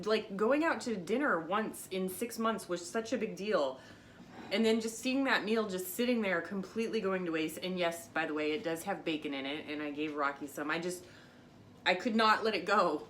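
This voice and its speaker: A woman's voice: medium pitch, a bit bright, a little hiss or hum. A woman vlogger casually telling a story to camera, chatty and a little self-conscious, with lots of fillers.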